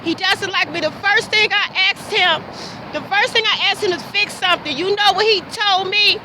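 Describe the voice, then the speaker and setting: A woman's voice: extremely high pitch, moderate pace, noisy background. A woman recording an emotional personal monologue, talking with passion and repeating herself, asking question after question. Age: adult. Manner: impassioned, repetitive, rhetorical questions. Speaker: vlogger.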